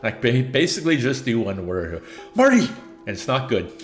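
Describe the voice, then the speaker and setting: A man's voice: medium pitch, animated, normal speed, roomy sound. A man streaming a video game in casual commentary, chatty and joking, laughing often, with faint music behind. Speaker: gaming streamer.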